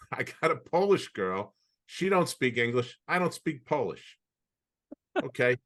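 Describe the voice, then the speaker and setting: A man co-hosting a podcast over a video call, telling anecdotes in an animated way with many restarts. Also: medium pitch, unhurried. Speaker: podcast co-host. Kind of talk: casual storytelling chat.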